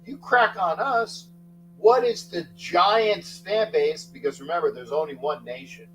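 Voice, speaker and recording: A fairly high-pitched older man, unhurried, hosts a live sports talk stream with soft music in the background. His chat rambles with frequent restarts and shout-outs to viewers by name, captured on a distant mic with faint mains hum.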